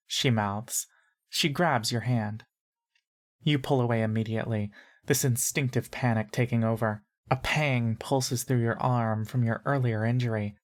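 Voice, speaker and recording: A woman narrating a story in second person in a calm, measured way. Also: rumbling low. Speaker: audiobook narrator.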